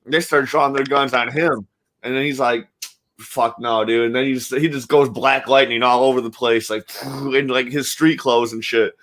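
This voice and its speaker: A man co-hosting a casual podcast, retelling TV scenes in an animated way and swearing freely. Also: medium pitch, moderate pace.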